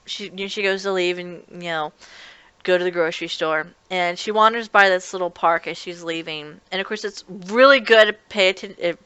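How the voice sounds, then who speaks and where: A woman's voice: on the low side, bright, forceful tone, clean tone, no room sound. A woman reviewing an anime episode in a chatty, casual recap, often restarting her sentences. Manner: chatty, restarts often, acts out characters' lines.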